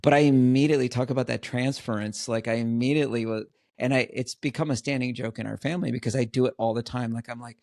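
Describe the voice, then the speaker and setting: Gravelly-voiced man telling stories. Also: mid-range voice, steady tone, quick pace, hardly any pauses, a little mellow, no room sound, clean studio sound. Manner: self-deprecating storyteller, chuckling at himself. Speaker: podcast guest. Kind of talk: casual podcast conversation.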